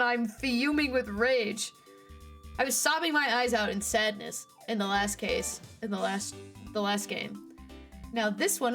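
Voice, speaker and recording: A woman's voice: high-pitched, fairly bright tone. Exasperated, swearing young woman streamer. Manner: exasperated, profane, emphatic outbursts. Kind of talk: live gameplay commentary.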